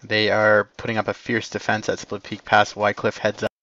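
Low-voiced man calling game orders. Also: completely flat delivery, pushed and bright. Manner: brisk, polite, slightly apologetic. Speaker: squad commander in a team game. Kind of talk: quick tactical voice-chat callouts. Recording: dull lo-fi mic capture.

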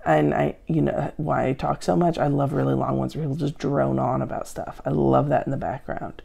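A woman's voice: deep voice, gravelly, dark tone. A woman hosting a comedic question-and-answer video from home, with a dry, sarcastic, self-mocking manner. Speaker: show host answering viewer questions. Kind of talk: deadpan comedic Q&A.

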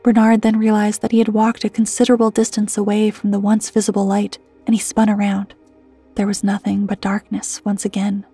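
Hushed, breathy woman narrating horror. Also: medium pitch, no room sound. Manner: hushed, slipping into whispers. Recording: dry close mic with soft music underneath.

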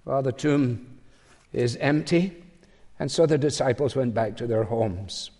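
A man's voice: mid-range voice, a little slow, dark tone. An older man preaching a sermon to a congregation, talking conversationally and slipping in wry, humorous asides. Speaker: pastor. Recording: long hall reverb.

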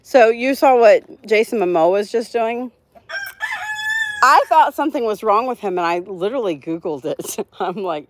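Lively, laughing woman chatting with viewers. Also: medium pitch, normal speed, no room sound. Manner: chatty and laughing, reads out chat. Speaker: livestream host. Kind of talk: casual chat with live viewers. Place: home in Florida.

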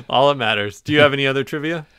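A man co-hosting a podcast in a casual, chatty way, reading trivia notes aloud and joking along. He grew up in the American South. His voice is mid-pitched and sits close and dry, with little room sound. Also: pushed and bright, no echo. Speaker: podcast co-host. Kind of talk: casual chat.

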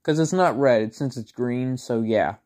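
A man's voice: medium pitch, unhurried, darkish tone. A man casually telling a made-up fan story, rambling with lots of filler words and self-conscious asides.

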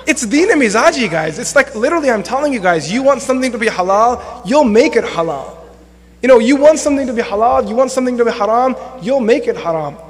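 A young man with a high-pitched voice preaches as an imam, animated and conversational, slipping into acted-out quotes for laughs. His voice rings through a mosque hall with a long reverb tail. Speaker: imam and lecturer. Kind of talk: sermon.

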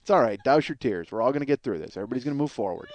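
A man's voice: mid-range voice, lively intonation, racing, darkish tone, dry recording, lo-fi sound. A man hosting his own podcast, delivering a profane, rambling comedic monologue that mocks himself as much as anyone. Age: middle-aged. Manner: profane, ranting, self-mocking. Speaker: podcast host.

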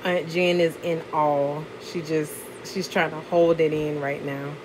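Woman vlogger, chatty, filler-heavy, slow pace, air conditioner humming behind. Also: low-pitched, little pitch movement, noisy background. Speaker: vlogger narrating a gift unboxing. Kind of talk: casual vlog and voiceover narration.

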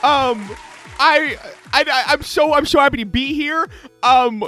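Bright, very high-voiced young man. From United States. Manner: stammering, joking, quick to laugh. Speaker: contestant. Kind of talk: casual banter between friends.

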